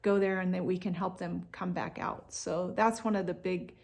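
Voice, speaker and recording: A woman coaching parents in a relaxed, conversational way, with frequent fillers and restarts. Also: fairly low pitch, normal speed, creaky. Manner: acts out what parents and kids say. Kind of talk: instructional talk to parents.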